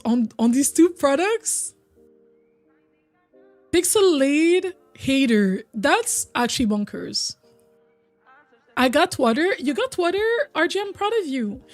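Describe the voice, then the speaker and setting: A young woman streaming a game and chatting casually with her viewers, getting over a cold. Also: high-pitched. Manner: chatty, reads and answers chat, hums and sings bits. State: recovering from a cold.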